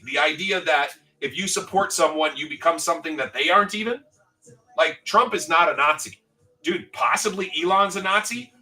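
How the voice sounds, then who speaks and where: A man's voice: on the high side, pushed and bright. A man hosting a livestream in casual chat, rambling and swearing as he reads out viewers' comments. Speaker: livestream host. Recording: distant mic with faint background music.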